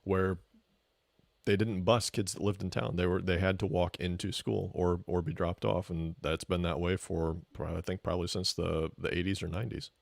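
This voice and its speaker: A man's voice: deep voice, little pitch movement, moderate pace, vocal fry, no echo. A man co-hosting a radio show, answering with short replies and dry wisecracks. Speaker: radio co-host. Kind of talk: casual radio chat.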